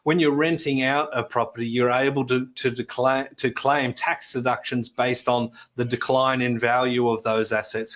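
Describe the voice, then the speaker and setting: A man's voice: mid-range voice, fairly bright tone. Chatty man explaining as podcast guest. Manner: chatty, self-deprecating storyteller. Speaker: podcast guest, depreciation expert. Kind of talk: conversational interview, anecdotes and explanations.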